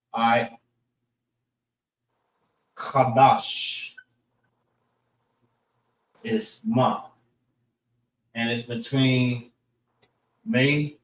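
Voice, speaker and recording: A man teaching a class in a slow, repeating way, often saying "all right" and sounding out words. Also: medium pitch. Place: class room in a library. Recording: roomy echo, voice from far off the mic.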